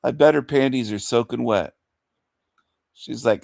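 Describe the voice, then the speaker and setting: A man's voice: medium pitch, unhurried, vocal fry, pauses often, darkish tone, no echo, clean studio sound. A man hosting a livestream rant in a mocking, taunting manner, chuckling between insults. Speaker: livestream host.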